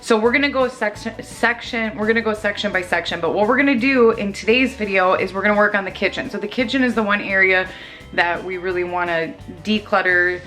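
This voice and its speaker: A woman's voice: mid-range voice, fairly bright tone. A woman hosting a home cleaning vlog, talking casually and often restarting her sentences. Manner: chatty, restarts sentences, talks fast when explaining. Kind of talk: casual vlog chat and voiceover.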